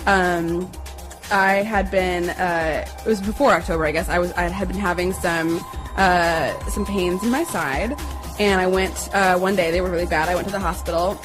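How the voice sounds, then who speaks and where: A woman's voice: fairly low pitch, steady tone, moderate pace, music in the background. A young woman in her twenties telling a personal story in a casual, chatty way, full of fillers, acted-out quotes and swearing.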